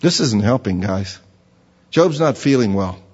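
A man preaching a sermon in a lively, conversational way, reading scripture and mimicking other people for effect. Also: on the low side, unhurried, husky. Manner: animated, mocking voices of others. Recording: dull reverberant hall.

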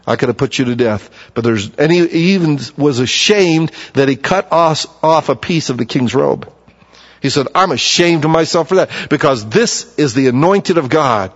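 Emphatic preacher in an echoing hall. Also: male voice, on the high side, lively intonation, moderate pace. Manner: reads scripture aloud, then explains it in plain, emphatic asides. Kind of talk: sermon. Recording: dull lo-fi sound with long hall reverb.

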